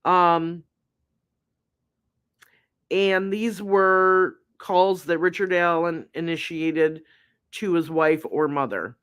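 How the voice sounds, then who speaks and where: A woman hosting a true crime livestream, talking her viewers through a trial in an easygoing, chatty way. She speaks slowly with a slightly low voice and often turns to address the audience directly. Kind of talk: live-stream trial recap.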